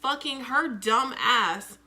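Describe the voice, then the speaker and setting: A young woman tells a story straight to the camera. Her voice is bright and forceful and sits a bit high. She swears freely and acts out the quotes loudly. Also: slow. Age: young adult. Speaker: vlogger. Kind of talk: casual storytime.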